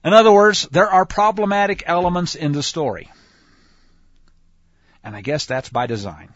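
A man teaching scripture in a conversational way, animated and speaking straight to his listeners. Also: high voice, moderate pace, no room sound. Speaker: Bible teacher. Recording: dull lo-fi, dry sound.

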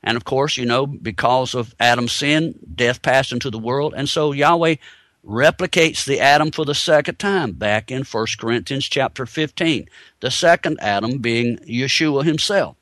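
A man's voice: medium pitch, moderate pace, fairly bright tone, no room sound. A man giving a teaching sermon, explaining points step by step and asking rhetorical questions. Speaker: Bible teacher.

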